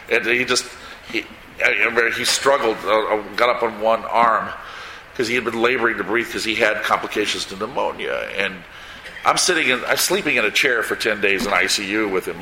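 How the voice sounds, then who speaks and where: A man's voice: lowish voice, sharp tone, slight background noise. A man in his sixties, a comic book artist, telling rambling stories to a live audience with frequent restarts and laughter. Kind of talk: anecdotal storytelling to a live audience. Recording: roomy, echoey hall sound.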